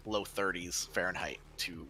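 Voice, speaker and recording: A man's voice: low-pitched, steady tone, moderate pace, bright, forceful tone, soft background music. A man narrating as game master of a tabletop role-playing game, describing scenes loosely with many fillers.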